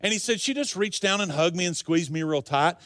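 A middle-aged man preaches a sermon in a high voice, retelling a story through long quoted lines in a folksy way. He leans into his points with earnest, pleading emphasis. The sound is dry and close. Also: lively intonation, brisk, a bit bright, no echo. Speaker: pastor.

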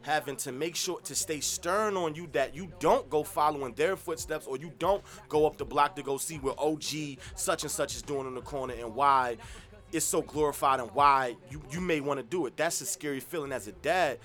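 A man co-hosting a casual podcast, talking in slangy, emphatic bursts. His voice is bright and forward, sitting a little high for a man. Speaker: podcast co-host. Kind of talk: casual chat.

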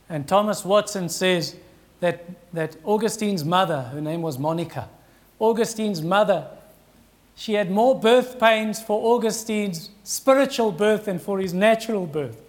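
A man, a pastor preaching an earnest, pleading sermon with dramatic pauses. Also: high-pitched.

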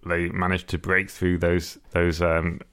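Dry-humored man with a very deep voice. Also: monotone, measured pace, a bit bright, clear, resonant tone. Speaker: podcast co-host, journalist. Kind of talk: casual chat.

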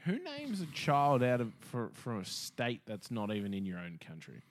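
A man's voice: mid-range voice, wildly swooping pitch, moderate pace. A man co-hosting a podcast, telling crude jokey stories in casual chat. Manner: crude, joking storyteller.

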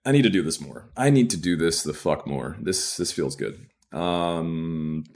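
Comedian man, very deep voice, swings up and down a lot, rambling, self-deprecating monologue. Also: lively intonation, a little slow, a little mellow. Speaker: stand-up comedian. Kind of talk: candid solo video podcast monologue.

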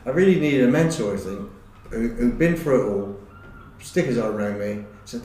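A middle-aged man and former footballer, recalling his career in a halting, rambling way with many fillers. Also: mid-range voice, lively intonation, dark tone, a little hiss or hum. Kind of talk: casual interview chat. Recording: roomy, distant recording.

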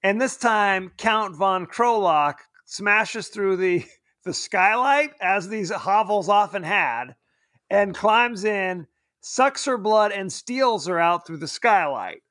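A man co-hosting a podcast, rambling and joking in casual movie chat, quick to laugh. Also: high voice, lively intonation, a bit bright, no echo, studio quality. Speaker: podcast co-host.

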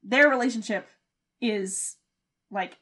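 Lively young woman podcast co-host. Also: on the high side, slow. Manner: animated, laughs often, swears casually. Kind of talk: casual podcast chat.

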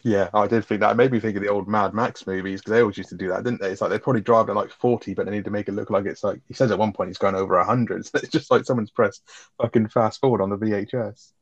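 A man's voice: fairly low pitch, steady tone, fast talker, no echo, lo-fi sound. A man, co-hosting a casual film review chat, sweary and chatty, laughing as he retells scenes. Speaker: podcast co-host.

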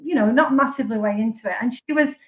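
Chatty high-voiced woman. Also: fast talker, darkish tone, poor audio. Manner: chatty, jokey, self-mocking. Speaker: guest, sobriety coach. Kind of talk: casual podcast chat.

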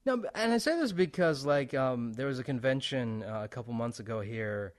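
A man's voice: medium pitch, animated, brisk. A man interviewing in a casual chat, blunt and exasperated, repeating his words and swearing freely.

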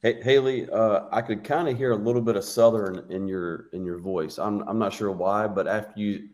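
An easygoing podcast host teases his guest lightly and winds his way through long, rambling questions. His voice sits somewhat low, in a relaxed conversational delivery. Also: normal speed. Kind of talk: casual interview chat.

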